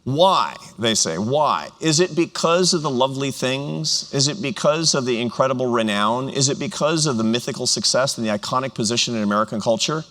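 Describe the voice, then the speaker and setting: A middle-aged professor talks on stage, animated and enthusiastic, his pitch swinging widely as he throws in quick asides. His tone is bright and forceful. A long hall reverb trails every line. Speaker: professor and co-author. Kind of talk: onstage conversation. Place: large university auditorium.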